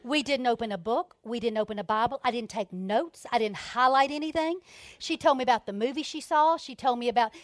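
Middle-aged woman, high-pitched, animated church storyteller, dry close sound. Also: brisk, no echo. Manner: animated, laughing storyteller with sudden soft asides. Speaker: speaker at a women's ministry event. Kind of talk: storytelling talk to a church audience.

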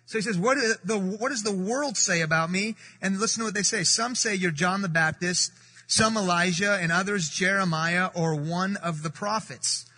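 A high, bright-voiced man from the Middle East preaching with emphatic repetition. His tone is slightly husky, and the church hall gives him a long reverb. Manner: emphatic, repeats key phrases, slows for scripture. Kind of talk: sermon. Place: church sanctuary.

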